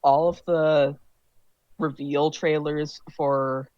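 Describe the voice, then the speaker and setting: A man's voice: fairly high pitch, little pitch movement, slow pace, darkish tone, clear, resonant tone, no echo. Podcast co-host, male, rambly casual chatter, dry muffled home mic. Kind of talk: casual chat. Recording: dull lo-fi mic.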